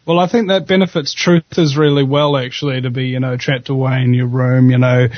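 A man's voice: medium pitch, flat delivery, fairly quick, no room sound, lo-fi sound. A man hosting a radio show, chatting casually and jokily, rambling with stammered restarts. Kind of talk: casual podcast chat.

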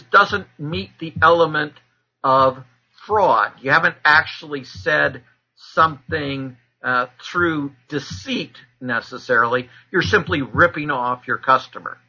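Male expert guest: intense, lecturing delivery with pauses; dull lo-fi recording. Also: fairly high pitch, sharp tone, husky. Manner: measured, lecturing, many filler pauses. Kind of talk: explanatory interview answers.

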